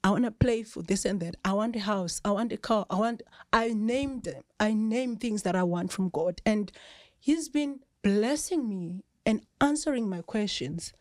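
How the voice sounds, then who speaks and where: A South African woman, a rugby player guesting on a podcast, telling lively stories and often breaking into laughter. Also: mid-range voice, moderate pace, dry recording, clean studio sound. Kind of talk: casual storytelling chat.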